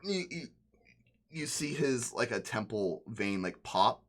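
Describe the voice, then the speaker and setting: A man's voice: mid-range voice, expressive, takes it slowly, fairly bright tone. A man narrating as game master of a tabletop game, in a rambling way with many fillers and restarts.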